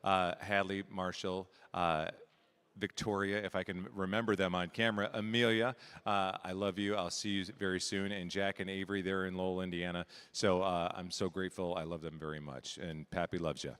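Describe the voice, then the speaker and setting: Older guy, low smooth voice, earnest and choked up, lots of uh and restarts. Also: flat delivery, moderate pace, fairly bright tone. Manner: earnest, emotional, with fillers and repeated restarts. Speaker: interviewed auctioneer contestant. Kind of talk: casual interview. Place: live desk at a convention.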